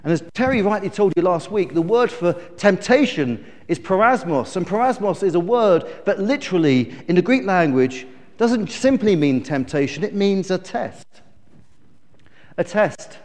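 Preacher with a long church echo. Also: male voice, high voice, animated, moderate pace, darkish tone. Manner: storytelling, emphatic, self-correcting. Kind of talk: sermon.

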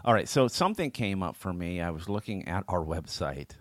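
A man's voice: low-pitched, very animated, brisk, no echo, studio quality. A man co-hosting a podcast in casual chat, upbeat and chatty, often restarting his sentences. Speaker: podcast co-host.

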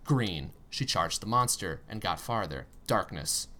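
Low-voiced man reading a story dramatically. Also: animated, a little slow, sharp tone, a little hiss or hum. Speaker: story reader. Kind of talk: expressive storytelling narration.

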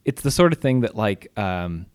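Lively storytelling man in casual chat. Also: lowish voice, moderate pace, smooth. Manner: storytelling, laughs often, lively.

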